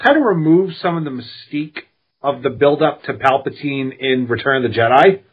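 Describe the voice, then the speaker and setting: A man co-hosting a casual film podcast, offering measured, wry opinions. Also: medium pitch, breathy edge, dull audio. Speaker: podcast co-host.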